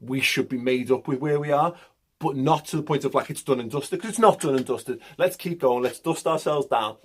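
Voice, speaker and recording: A man's voice: medium pitch, a little fast, husky. A man giving an impassioned, emphatic monologue as a football fan vlogger, swearing and repeating himself for emphasis. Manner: emphatic, swearing, repetitive pep talk.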